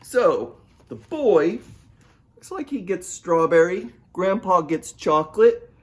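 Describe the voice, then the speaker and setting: A man's voice: a little high, very animated, slow. A man reading his picture book aloud at storytime, playful and talking straight to young listeners. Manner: playful, talks to young listeners and asks them to join in. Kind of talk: storytime read-aloud for children.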